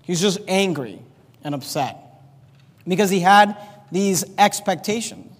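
A man preaching a sermon, reading scripture aloud and acting out quotes with animated delivery. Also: sits high, measured pace. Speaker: pastor. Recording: long reverb of a large hall.

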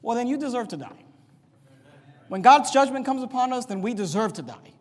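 Male pastor going off in a fiery sermon, super high voice, big hall echo. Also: big pitch swings. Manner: fiery, emphatic preaching with drawn-out stresses. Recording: long reverb of a large hall.

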